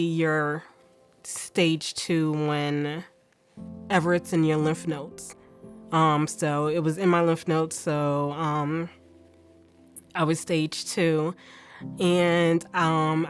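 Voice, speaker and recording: A woman telling her own story in a casual personal testimony, talking conversationally with many fillers and restarts. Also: on the low side. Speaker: cancer survivor giving a testimony.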